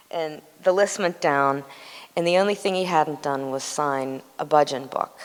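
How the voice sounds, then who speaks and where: A woman in her sixties with a low voice tells an animated personal story, slipping into other people's voices. The sound carries a long hall reverb. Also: measured pace, clean tone. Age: 60s. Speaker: devotee sharing memories.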